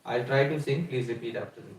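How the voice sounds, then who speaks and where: A man's voice: medium pitch, fast talker. A man giving a scripture lecture, explaining a verse step by step and putting questions to his listeners. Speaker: spiritual teacher. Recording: echoey room, mic at a distance.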